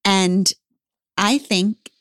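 A woman co-hosting a casual podcast chat, frank and quick to laugh and agree. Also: medium pitch, fairly bright tone, clean tone, no echo, clean studio sound. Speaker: podcast co-host.

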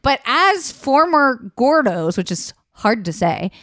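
A woman's voice: sits high, big pitch swings, takes it slowly, fairly bright tone, no echo, clean studio sound. A woman co-hosting a podcast in casual chat, teasing and playfully crude. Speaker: podcast co-host.

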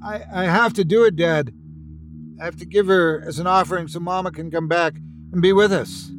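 A frightened little boy stammers and sobs in a high, cracking voice, as a male narrator puts him on. He pleads through tears in a spoken horror story, with music playing underneath. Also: moderate pace, close to an everyday voice. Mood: tearful, pleading. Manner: stammering, tearful, high and breaking. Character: terrified young boy, sobbing, pleading. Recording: with background music.

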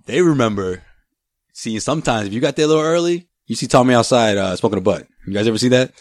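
A man talks quickly in a loose, rambling way, laughing now and then and acting out little quotes as he tells his stories. His voice sits in an ordinary middle range. The sound is close and dry, with no room around it. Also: medium pitch, dry recording. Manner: rambling storyteller, laughs often, acts out quotes. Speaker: podcast co-host. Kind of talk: casual chat.

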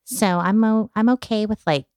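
A woman's voice: mid-range voice, normal speed, dry recording, clean studio sound. A woman who works as a manager, a podcast guest speaking casually and agreeably with many fillers. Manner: relaxed, agreeable, lots of fillers. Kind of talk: casual chat.

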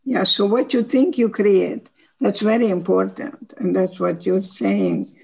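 Slow gravelly woman in her nineties. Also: mid-range voice, poor audio. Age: 90s. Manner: slow, warm advice with quoted dialogue. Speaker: psychologist guest. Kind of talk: interview answers.

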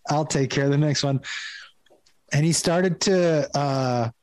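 A man's voice: a little high, measured pace, a little mellow, no echo. A middle-aged man and comedian telling a funny story, laughing often and acting out the voices of the people in it. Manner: acts out quoted voices. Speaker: comedian guest. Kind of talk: animated comic storytelling.

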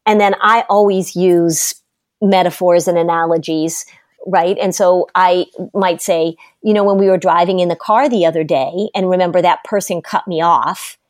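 A woman's voice: fairly low pitch, fairly even intonation, normal speed, no room sound, studio quality. Emphatic middle-aged woman giving parenting advice. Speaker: parenting expert guest. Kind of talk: podcast conversation.

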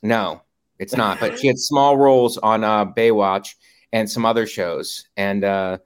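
A man hosting a comedy podcast, deadpan and halting, full of uhs and restarts. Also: lowish voice, a little hiss or hum. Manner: halting, deadpan, many fillers. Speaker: podcast host. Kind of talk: casual comedy podcast banter.

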